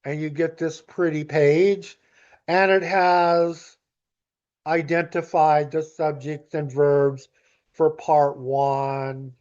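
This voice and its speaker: A man with a slightly high voice explains a grammar exercise at a very slow, deliberate pace. He sounds like a patient teacher talking students through each step. The recording is dull and lo-fi. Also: level tone, a little mellow. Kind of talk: recorded grammar lesson walkthrough.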